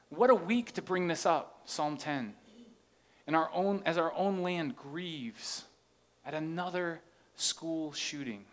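A man's voice: a little high, a bit bright. A man preaching a sermon, earnest and rising into impassioned questions as he reads scripture. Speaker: pastor.

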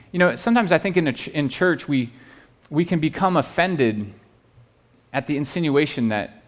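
A male pastor delivers a sermon in an earnest, pleading way. His voice sits at a middle pitch, and he often restarts phrases and checks in with the listeners with "right?".

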